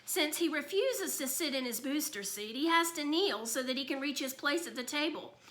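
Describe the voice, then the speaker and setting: A woman reads a children's book aloud, telling the story expressively. Her voice is high and bright, with a crisp, lively edge. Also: normal speed. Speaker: reader.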